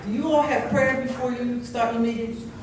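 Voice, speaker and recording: An older woman speaks out at a council meeting, scolding and impassioned, her fairly high voice turning forceful as she presses her point. She is heard from across a very echoey room. Faint room noise sits under her words. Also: steady tone, normal speed, a crowd in the background. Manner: impassioned, scolding, rising to loud indignation. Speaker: public commenter at council meeting. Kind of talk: public comment speech. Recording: very echoey distant room recording.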